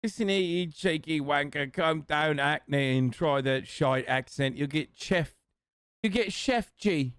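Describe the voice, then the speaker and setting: A man, in a played clip, putting on a gruff, threatening London man. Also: fairly high pitch, measured pace, a bit bright, no echo, studio quality, pitched below the performer's own voice. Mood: menacing.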